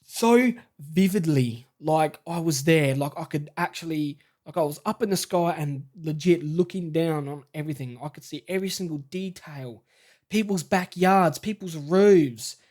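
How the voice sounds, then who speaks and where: An Australian man telling a personal story in a halting, stammering, shaken way. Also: fairly high pitch, darkish tone. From South Australia. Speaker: vlogger.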